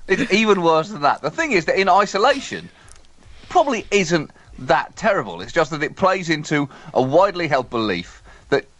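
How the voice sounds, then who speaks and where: A man's voice: a little high, sing-song, a bit bright, no room sound. Mocking male comedy podcast host. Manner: quick, mocking, laughing. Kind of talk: satirical comedy podcast chat.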